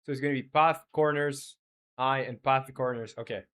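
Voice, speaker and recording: A man, not a native English speaker, live streaming as a game developer, thinking aloud while he codes and chats with viewers in halting speech full of fillers. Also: mid-range voice, steady tone, fairly bright tone, clean tone.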